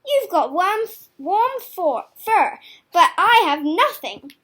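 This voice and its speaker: A woman's voice: extremely high pitch, sing-song, fairly bright tone, voice pushed up, exaggerated voice. A woman voicing a cold, gloomy little male frog who drags out his complaints. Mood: plaintive. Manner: plaintive, drawn-out complaining.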